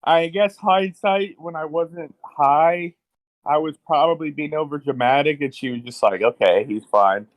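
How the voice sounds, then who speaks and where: A man's voice: fairly high pitch, steady tone, moderate pace, dry recording, dull audio. A young man telling a personal story in a casual podcast chat, rambling with lots of fillers and restarts. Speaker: guest.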